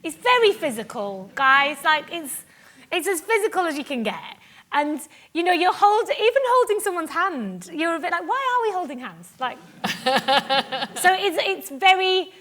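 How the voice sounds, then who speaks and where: A woman from Cumbria, a guest on a live festival stage, chatting in an animated, self-mocking way, laughing often and acting out what others said to her. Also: very high voice, measured pace. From Cumbria, England. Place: festival stage before an audience. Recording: live stage mic with audience ambience.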